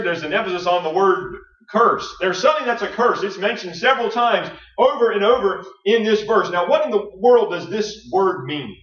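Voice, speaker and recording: A man with a high voice preaches an earnest sermon, stumbling through fillers and restarts as he works through scripture. He sounds set back from the mic, and the sound is muffled and roomy, like a church hall. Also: a bit bright, recorded from a distance.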